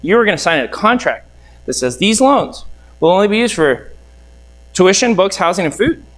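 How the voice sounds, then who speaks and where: A man's voice: high-pitched, lively intonation, moderate pace, fairly bright tone, rough recording. A middle-aged man from the United States, a real estate mentor, telling a seminar story and acting out both sides of the conversations.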